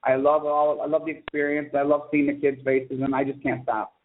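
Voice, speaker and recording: A man's voice: mid-range voice, level tone. A man, a children's book author, chatting as a guest and telling stories eagerly and ramblingly. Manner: eager storyteller, quick and rambling. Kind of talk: casual phone interview chat. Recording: tinny phone line with faint hiss.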